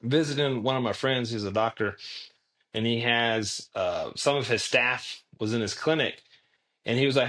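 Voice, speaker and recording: A man guesting on an interview show, telling stories in an earnest, animated way and often restarting his sentences. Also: mid-range voice, moderate pace. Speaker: guest, clothing tech founder. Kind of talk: casual interview storytelling.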